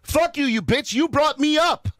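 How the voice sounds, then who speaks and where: High-voiced combative man, dry sound. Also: normal speed, no room sound. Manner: combative, profane, yells. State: hoarse from yelling. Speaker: show regular. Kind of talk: heated radio on-air argument.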